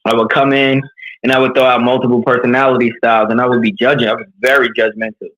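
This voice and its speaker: A New York man who works as a leadership coach talks fast in a mid-range voice over dull audio. In an interview, he speaks candidly and earnestly, telling personal stories with energy and animation.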